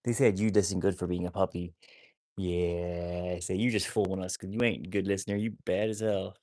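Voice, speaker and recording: A man's voice: low-pitched, steady tone, normal speed, dark tone. A man, talking to his wolfdogs in a casual vlog. He scolds them with slang and swearing, saying how crazy they are. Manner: scolding animals, swearing, repeats "that's crazy, bro". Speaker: wolfdog rescuer and live streamer. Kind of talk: casual vlog talk to dogs and viewers.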